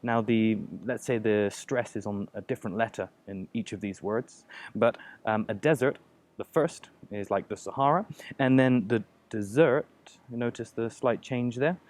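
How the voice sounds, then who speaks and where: A man's voice: mid-range voice, normal speed, darkish tone. A man teaching a pronunciation lesson, explaining patiently with examples and frequent fillers. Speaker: English teacher.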